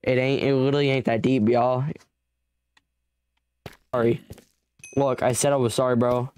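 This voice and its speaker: Young man, gamer, frantic, pleading, bargaining, mid-pitched voice. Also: little pitch movement, normal speed, darkish tone, smooth. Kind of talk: let's play commentary.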